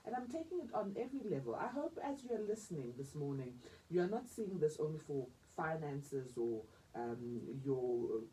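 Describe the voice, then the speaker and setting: A woman with a South African accent hosting a radio talk show, expressive and emotional, laughing easily as she speaks. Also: sits low, distant mic, slight background noise, poor audio. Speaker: radio host. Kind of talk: radio interview.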